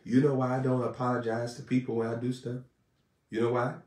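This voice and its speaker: A man preaching a live sermon in a fiery, repetitive style, building to shouts. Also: mid-range voice, little pitch movement, brisk, roomy sound, distant mic.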